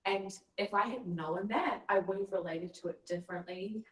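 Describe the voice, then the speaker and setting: A woman's voice: medium pitch, moderate pace, fairly bright tone, recorded from a distance. A woman telling a personal story in a casual chat, earnest and reflective. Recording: echoey room, voice a bit off-mic.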